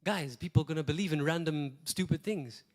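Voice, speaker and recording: A man preaching in a lively, loose and rambling way, now and then slipping into acted-out quotes. His voice sits a little high for a man. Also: a little fast. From Malta. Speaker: pastor. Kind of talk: sermon.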